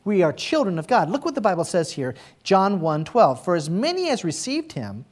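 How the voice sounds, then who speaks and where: A male pastor delivering a sermon in a lively, swooping voice that rises and falls freely. He talks to the congregation conversationally, drawing them into call-and-response. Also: high-pitched, moderate pace.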